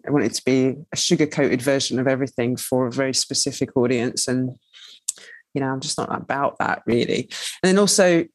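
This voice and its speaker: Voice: mid-range voice, fairly quick, no echo. A guest, speaking candidly and expressively in conversation, with lots of "like" and asides. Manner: expressive, chatty, full of "like" and asides. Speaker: guest, writer and cook.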